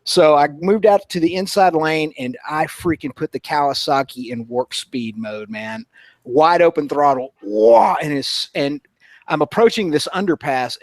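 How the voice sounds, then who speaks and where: Man with a dry, slightly high voice. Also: lively intonation, moderate pace, no echo. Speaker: motovlogger co-host. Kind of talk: casual storytelling chat.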